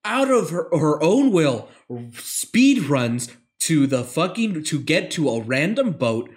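A man's voice: fairly high pitch, very animated, slow. A young man co-hosting a casual film review podcast, rambling through the plot with swearing and frequent laughter. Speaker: podcast co-host.

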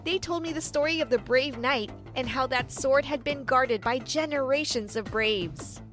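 High-voiced woman narrating a story. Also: moderate pace, fairly bright tone, faint music behind. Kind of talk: first-person story narration.

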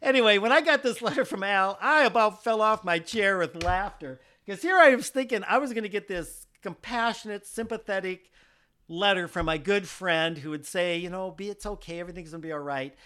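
A man's voice: high voice, normal speed, sharp tone. A man hosting a podcast, telling a personal story and reading from an old letter, chuckling often as he goes. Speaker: podcast host.

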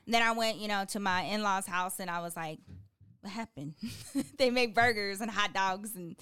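A woman's voice: mid-range voice, normal speed, smooth, no echo, studio quality. A young woman with a Texan accent, co-hosting a podcast in casual chat and telling stories with playful teasing. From Texas. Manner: animated storyteller, playful teasing. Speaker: podcast co-host.

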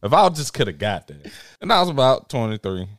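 Young male co-host, animated and joking, voice close and dry. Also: medium pitch, fairly quick, no echo. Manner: loose, joking, animated storytelling. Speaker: podcast co-host. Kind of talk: casual chat.

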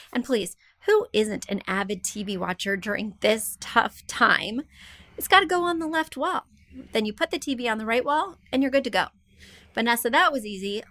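A woman's voice: on the high side, pushed and bright. A woman hosting a design podcast, reading listener emails aloud and giving casual advice with chatty, self-deprecating asides. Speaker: podcast host, interior designer.

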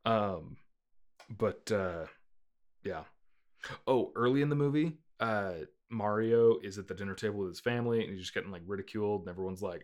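A man casually chatting as a podcast co-host, rambling with lots of fillers and breaking into playful squeaky character voices. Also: brisk, darkish tone. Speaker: podcast co-host reviewing a movie. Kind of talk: casual chat.

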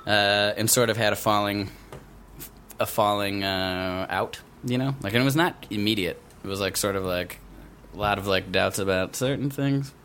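Host type, man, slightly low voice, relaxed and halting. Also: a little hiss or hum. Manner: halting, restarts, easygoing. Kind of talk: casual conversation.

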